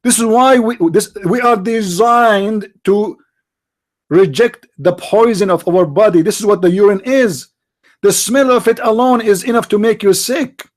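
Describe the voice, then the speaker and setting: This man hosts a live call-in challenge, speaking off the cuff in a blunt, mocking way with broken grammar. He has a high-pitched voice and talks a little slowly.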